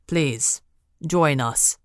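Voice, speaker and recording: Booming Spanish count. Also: female voice, extremely slow, clean tone, no echo, clean studio sound. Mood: haughty. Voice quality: deep, booming. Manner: haughty, formal. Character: pompous aristocratic Spanish count, grown man. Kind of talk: audiobook character voice.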